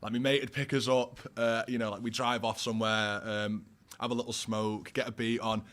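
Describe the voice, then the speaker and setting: A man's voice: medium pitch, level tone, moderate pace, a bit bright. A man in his twenties with a Northern English accent, a guest musician chatting casually, slangy and full of fillers, a little tipsy after a pint. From Warrington, England. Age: 20s. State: a bit tipsy. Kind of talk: casual chat.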